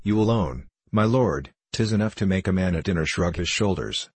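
A man's voice: sits low, animated, normal speed, slightly rough, no room sound. A man voicing a self-satisfied, grumbling middle-aged prison governor in an audiobook, long-winded and complaining. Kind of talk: audiobook dialogue reading.

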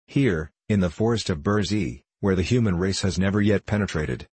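A man's voice: low-pitched, moderate pace, a little mellow, slightly rough, no room sound. A man reading the part of a stern, ancient male master woodsman in a spoken storybook, grave and commanding.

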